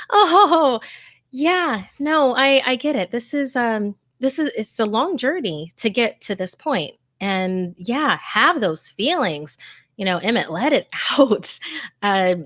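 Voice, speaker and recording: A woman hosting a scary story channel, chatting casually and effusively with her viewers in a warm, emotional way full of fillers. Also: medium pitch, no echo, studio quality. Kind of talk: casual livestream chat with viewer shout-outs.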